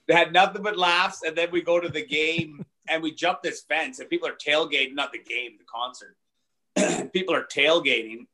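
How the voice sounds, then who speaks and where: A man, a comedian, telling casual, profane anecdotes with laughs in a relaxed chat. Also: a little high, fairly quick. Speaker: comedian guest.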